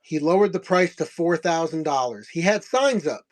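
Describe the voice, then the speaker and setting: A middle-aged man with a slightly high voice tells a story in a loose, casual way. He rambles, chuckles often and acts out the lines of the people in his story. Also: expressive, moderate pace, few pauses. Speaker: host of a comics selling stream.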